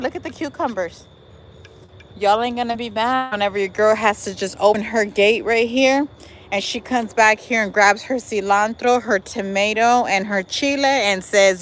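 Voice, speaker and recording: A talkative middle-aged woman hosts a casual livestream, walking her garden with a phone in hand. Her voice sits at an ordinary middle pitch, sassy and chatty, calling her viewers y'all and girl. Faint outdoor noise with a passing vehicle hums behind her. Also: moderate pace, poor audio. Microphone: phone held while walking.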